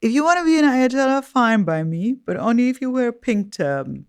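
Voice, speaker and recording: Smooth-voiced, brisk woman host from Iran. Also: on the high side, sing-song, no echo. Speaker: podcast host. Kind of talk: interview conversation.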